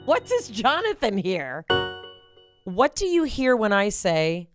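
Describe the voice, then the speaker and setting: A woman's voice: medium pitch, huge pitch swings, slow pace, dry recording, faint music behind. A woman hosting a podcast, running a playful banter game, teasing and self-mocking and laughing often. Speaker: podcast host.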